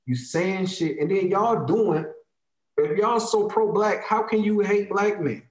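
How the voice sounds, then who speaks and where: A man's voice: high-pitched, unhurried, reverberant, rough recording. A man in his thirties with an African American Vernacular English accent, ranting in casual talk; heated, profane and emphatic, repeating lines to drive his point home. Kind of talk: casual opinionated rant.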